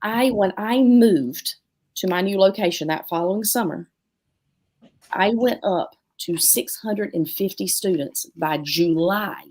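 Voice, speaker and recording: A woman's voice: mid-range voice, a little slow. A middle-aged woman who owns a dance studio, telling stories in a casual chat and acting out the voices of people she quotes. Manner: animated, acts out quotes in different voices. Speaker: guest, dance studio owner.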